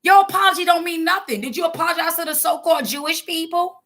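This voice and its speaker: A woman's voice: very high voice, quick pace, fairly bright tone. A woman giving fiery religious commentary in a vlog, blunt and scolding, preaching at her viewers with frequent restarts. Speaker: online commentator.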